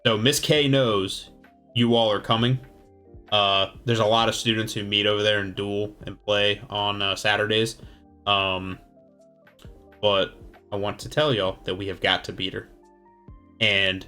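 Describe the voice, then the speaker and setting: A man's voice: lowish voice, little pitch movement, unhurried, bright, forceful tone, faint music behind. A man narrating a casual tabletop game as game master, loose and rambling with many fillers.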